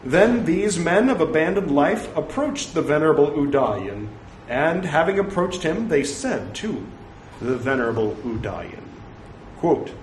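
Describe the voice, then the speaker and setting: A man reads scripture aloud slowly, and his pitch rises and falls a lot. He drops in wry, joking asides between passages. The sound is roomy, with faint ambience. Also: sing-song, a little hiss or hum. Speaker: reader of scripture.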